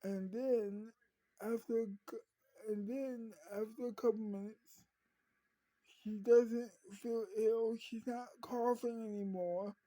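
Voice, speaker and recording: A woman improvising a story aloud, halting often with fillers and restarts. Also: fairly high pitch, steady tone, warm tone, no echo, poor audio.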